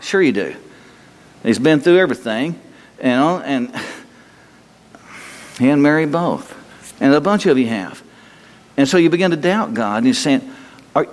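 A man preaching a sermon in a conversational, folksy way that rises into bursts of exhortation, recorded in a church sanctuary. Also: a little high. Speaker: pastor. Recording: long reverb of a church hall.

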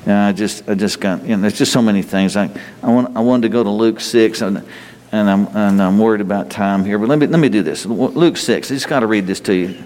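A man's voice: fairly quick, a little mellow. Earnest preacher man in a reverberant hall. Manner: earnest, repeats and restarts, swings up and down in pitch. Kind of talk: sermon. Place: church hall.

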